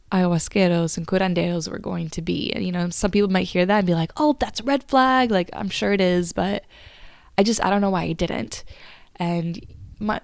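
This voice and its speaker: A woman hosting a solo podcast, telling a personal story in a confiding, emotional way, often halting and restarting. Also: fairly low pitch, creaky, darkish tone, no echo, studio quality. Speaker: podcast host.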